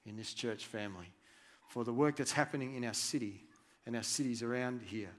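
A man preaching a sermon, reading scripture aloud and swinging between hushed and loud, animated delivery. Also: medium pitch, fairly quick. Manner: reads scripture aloud with feeling.

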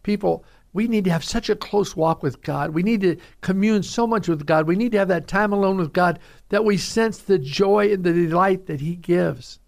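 A man's voice: high-pitched, moderate pace, creaky. A man who is a pastor, preaching an earnest radio sermon and speaking straight to listeners as folks.

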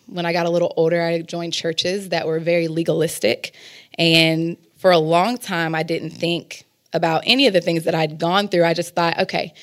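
A young woman sharing a candid personal testimony in a conversational way, with frequent fillers. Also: fairly low pitch. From Kansas.

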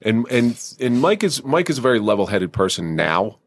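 A man's voice: mid-range voice, big pitch swings, normal speed, no room sound. New Jersey man hosting a podcast. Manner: reflective, teasing. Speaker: podcast host. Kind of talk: casual podcast conversation.

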